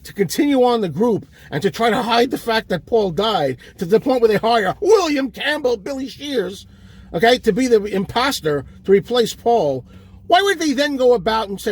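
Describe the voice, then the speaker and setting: A man's voice: very high voice, very animated, normal speed, slightly rough, no room sound. A man ranting in an exasperated comedic tirade and insulting his listeners. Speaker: comic ranting host. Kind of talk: comedic rant.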